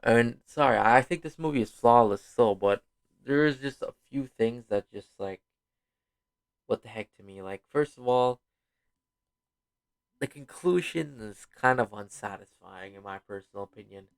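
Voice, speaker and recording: A man's voice: mid-range voice, moderate pace, creaky, clean tone. A man giving a rambling, casual film review, full of fillers and apologies, sounding tired. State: yawning, tired. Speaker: video host reviewing a film.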